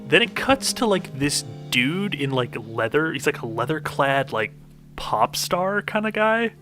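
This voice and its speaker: A man's voice: a little high, big pitch swings, unhurried, sharp tone, soft background music. A young man chatting on a podcast, retelling an anime plot in a rambling way full of fillers and laughs. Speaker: podcast co-host. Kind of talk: casual chat recapping an anime.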